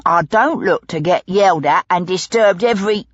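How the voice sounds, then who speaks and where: A woman's voice: lowish voice, moderate pace, no room sound, lo-fi sound, lightly acted. A woman voicing a brash, indignant London woman with a tart way of speaking. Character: brash large blonde London landlady-lodger woman.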